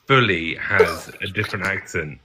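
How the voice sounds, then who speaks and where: A man chatting casually on a livestream, telling a story quickly and animatedly. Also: low voice. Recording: faint noise, video call.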